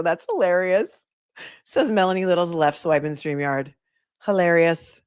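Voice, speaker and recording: Woman streamer, attorney, lowish voice, dry close sound, wry playful chat. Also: measured pace, a little mellow, smooth, no room sound. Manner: chatty, wry, playful asides to viewers. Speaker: attorney and livestream host. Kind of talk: casual livestream chat.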